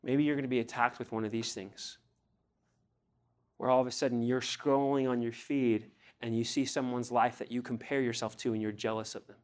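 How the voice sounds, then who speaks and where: Speaking a little fast in a steady, middle-register voice, a young pastor delivers an earnest sermon. He reads from scripture and puts pointed questions to the congregation, lifting his voice on the phrases he wants to stress.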